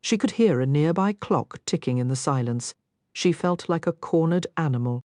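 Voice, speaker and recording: A woman reading an audiobook aloud in expressive, measured scripted narration. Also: low voice, no echo.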